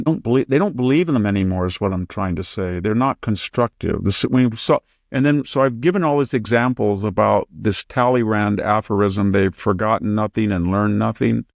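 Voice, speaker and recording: A man's voice: lowish voice, normal speed, gravelly, hardly any pauses, no room sound, clean studio sound. An American man in his seventies, a historian hosting a political talk show, speaking emphatically and mocking others with raised quoted voices. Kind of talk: political commentary conversation.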